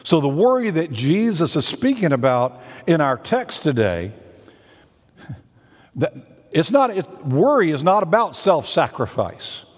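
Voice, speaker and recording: A man's voice: a little high, sing-song, unhurried. Man preaching in an echoing hall. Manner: conversational preaching with repeated phrases and rhetorical questions. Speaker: senior pastor. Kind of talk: sermon.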